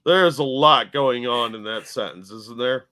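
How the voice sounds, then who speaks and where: A man co-hosting a casual comedy podcast, throwing in dry, quick side remarks. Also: mid-range voice, sharp tone, clean tone. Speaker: podcast co-host.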